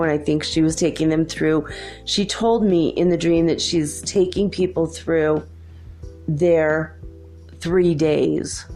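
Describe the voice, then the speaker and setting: A woman's voice: deep voice, warm tone. A woman host telling a spiritual story in a casual, earnest and reassuring way, with many fillers. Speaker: podcast host.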